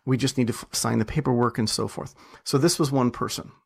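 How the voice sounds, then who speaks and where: A man with a gravelly, fry-tinged voice tells stories in an interview. He is chatty and self-deprecating, laughs often, and restarts his sentences as he goes. His pitch sits right in the middle for a man. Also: steady tone, a little fast. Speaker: author and entrepreneur guest. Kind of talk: casual storytelling interview.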